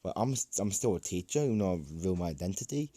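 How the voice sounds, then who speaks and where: Guy reading calm teacher guy, matter-of-fact, rambles a bit, low voice. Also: quick pace, dry recording. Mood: explaining.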